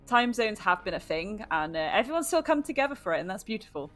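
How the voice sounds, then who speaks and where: A woman's voice: medium pitch, big pitch swings, fairly bright tone, soft background music. Giggly British woman casting esports. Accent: British English. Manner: giggly, chatty, quick to laugh. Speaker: esports caster. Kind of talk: live tournament commentary.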